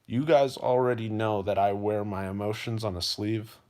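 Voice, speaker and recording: A man livestreams to his viewers in a fairly low, steady, slightly mellow voice at normal speed. He speaks earnestly and emotionally, repeating himself and often calling them "you guys" in a heartfelt monologue.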